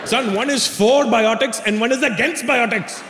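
A man's voice: very high-pitched, fast, a little hiss or hum, pitched above the performer's own voice. A comedian voicing a stubborn Indian father who lectures insistently, live in a hall.

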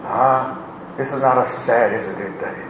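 A man's voice: mid-range voice, moderate pace. A man, a bishop, preaching a sermon full of humor, acting out the voices of people he quotes. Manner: animated, joking, acts out quoted speech. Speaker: bishop and pastor. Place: church. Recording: echoey church with background noise.

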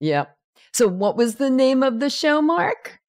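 A woman's voice: sits high, very animated, measured pace. A woman hosting an interview, chiming in and laughing along encouragingly. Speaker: podcast host. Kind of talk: interview conversation.

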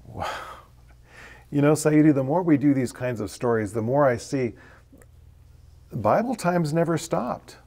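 A man's voice: fairly high pitch, expressive, a little slow, long pauses, mellow. A man co-hosting a faith talk show, answering his co-host and reflecting on the story.

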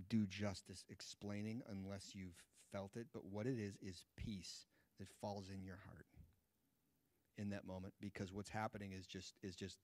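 A man in his thirties teaches a church group through a personal story, jumping into the voices of the people in it. His voice sits low, and the sound is dry and close with little room echo. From United States. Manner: lively storyteller acting out dialogue. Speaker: guest Bible teacher. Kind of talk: sermon storytelling.

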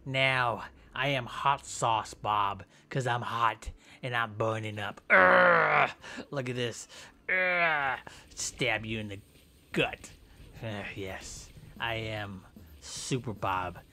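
Goofy trash-talking male gamer, slow. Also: lowish voice, fairly even intonation, sharp tone. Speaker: gameplay commentator. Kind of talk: casual gameplay commentary.

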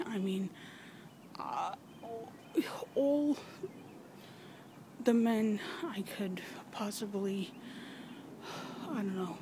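A woman recording an emotional personal video message, halting, sighing and swearing as she nears tears. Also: medium pitch. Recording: noisy background with vehicles.

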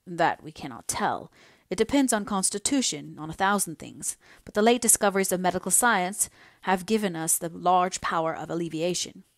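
A woman voicing a kindly older male doctor in an audiobook reading, speaking in a gentle, fatherly way. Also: fairly low pitch, animated, normal speed, no echo, clean studio sound. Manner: soothing, fatherly.

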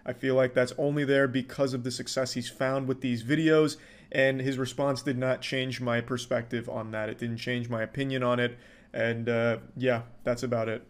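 A man offers measured commentary to camera in a steady, even tone. His pitch barely moves, which gives him a flat delivery. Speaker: YouTuber giving commentary.

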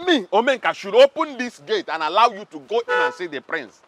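A Nigerian actor playing an arrogant, mocking palace security chief who shouts insults. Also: male voice, big pitch swings, fairly quick. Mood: scornful. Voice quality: high, bright, shouting and mocking. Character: arrogant loud-mouthed male palace guard. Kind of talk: Nollywood drama acting.

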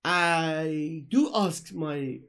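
On an online voice call, a man answers questions in a religious argument, speaking very slowly in a fairly high, fairly bright voice. His tone is emphatic and preachy, and he repeats himself for stress in this polemical Q&A.

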